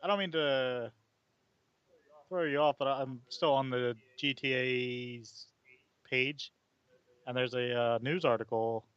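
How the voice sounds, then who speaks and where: A man's voice: medium pitch, fairly even intonation, slow pace, pauses often, fairly bright tone, smooth, no room sound. A man co-hosting a casual podcast, joking and teasing as he rambles about games. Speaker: podcast co-host. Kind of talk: casual chat. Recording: dull lo-fi microphone.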